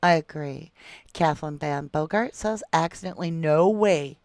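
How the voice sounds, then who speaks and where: Low gravelly woman chatting. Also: measured pace, a little mellow, no echo. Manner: chatty, calls viewers love and sweetheart. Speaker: true crime livestream host. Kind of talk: casual livestream chat reading viewer comments.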